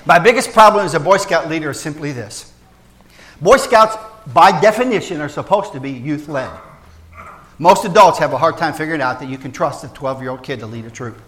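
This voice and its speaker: A male pastor preaches in a church with a voice that sits fairly high for a man. He is folksy and jokes with the congregation, then swings between loud, forceful emphasis and soft, hushed asides. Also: fairly quick. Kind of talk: sermon.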